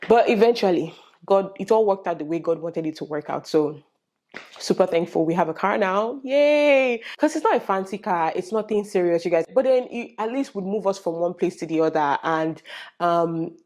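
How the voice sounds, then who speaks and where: A young Nigerian-accented woman talks straight to her viewers in a relaxed vlog. She tells her stories with animation, slipping into Pidgin and acting out what people said. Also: fairly low pitch, normal speed. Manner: animated storytelling with lively quoted voices and Pidgin asides. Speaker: vlogger. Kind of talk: casual vlog chat.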